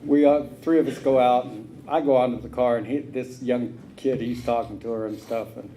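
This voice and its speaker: A man shares his story at a recovery meeting in a plain, unhurried drawl, full of "uh"s and "you know"s. His voice is mellow and relaxed, at a middling pitch. A faint noise sits under the recording. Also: rough recording. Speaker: AA speaker sharing his story.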